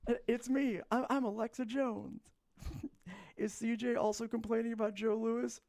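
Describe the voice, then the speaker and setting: A woman's voice: a little high, fairly even intonation, normal speed, gravelly, a little mellow, no room sound. A woman streamer chatting casually and joking with the host. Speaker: streamer guest. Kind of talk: casual chat.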